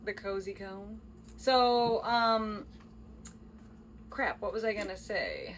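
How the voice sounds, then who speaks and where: A woman's voice: medium pitch, takes it slowly, a little hiss or hum. A woman co-hosting a podcast in casual chat, rambling and self-deprecating with jokes. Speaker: podcast co-host.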